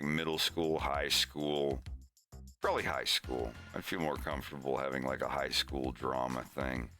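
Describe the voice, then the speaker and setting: Laid back streamer dude rambling, bright voice, slow, swears a lot. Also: male voice, a bass voice. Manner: rambling, laughs often, swears casually. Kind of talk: casual chat.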